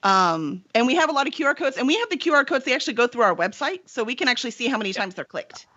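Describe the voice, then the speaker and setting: A woman's voice: high voice, big pitch swings, racing, bright, forceful tone, muffled recording. A woman hosting a casual live-streamed chat, talking at length in loose run-on thoughts with plenty of fillers. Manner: chatty, talks in long run-on thoughts with many fillers. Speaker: publisher and show host.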